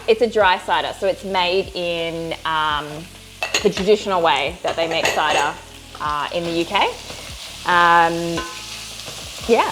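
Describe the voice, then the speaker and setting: A woman's voice: mid-range voice, a bit bright, slight background noise. A woman chatting casually at home and describing a drink she was sent, with a chatty manner and plenty of ums. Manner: bubbly, chatty, lots of ums. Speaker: co-host, drinks reviewer. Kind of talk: casual chat. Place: home kitchen.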